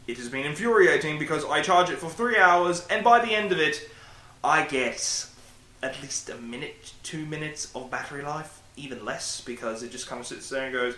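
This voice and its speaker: A man's voice: mid-range voice, pushed and bright, roomy sound. A man, vlogging casually to his laptop webcam from a room at home, rambling and self-deprecating with casual swearing. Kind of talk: casual solo vlog to webcam. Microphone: laptop webcam mic.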